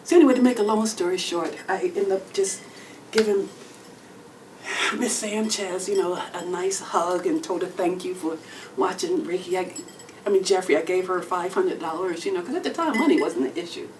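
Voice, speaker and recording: A woman with a Texan accent tells a long comic story on a club stage, her voice dropping to near-whispers and then bursting out loud. She sits a bit back from the microphone, and faint room ambience hums behind her. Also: lowish voice, normal speed, recorded from a distance, a little hiss or hum, poor audio. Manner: animated storytelling with swings between whispers and loud exclamations. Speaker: comedian. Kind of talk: storytelling stand-up solo show.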